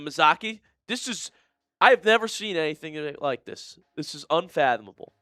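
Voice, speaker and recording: A man doing live play-by-play for a fan watch-party stream, swinging between shouted calls and low, disgusted muttering. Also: lively intonation, moderate pace, dry recording, clean studio sound, soft background music.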